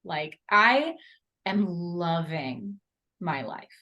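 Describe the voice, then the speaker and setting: A woman co-hosting a podcast in casual chat with her best friend, animated and quick to laugh. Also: fairly low pitch, lo-fi sound. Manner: animated, laughs often, reflective asides. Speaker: podcast co-host.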